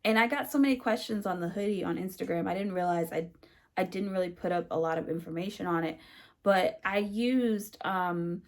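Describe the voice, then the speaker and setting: A woman's voice: on the low side, brisk. A woman vlogger chatting casually to the camera about her sewing projects, with frequent fillers and a friendly, talkative manner. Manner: chatty, many fillers, says "y'all" and "you guys".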